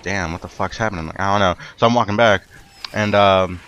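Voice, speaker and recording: A man's voice: deep voice, fairly even intonation, brisk, a bit bright, muffled recording. A young man tells a rambling, profane story from work while commentating a video game, full of fillers and restarts. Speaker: gaming commentator. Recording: faint ambient noise.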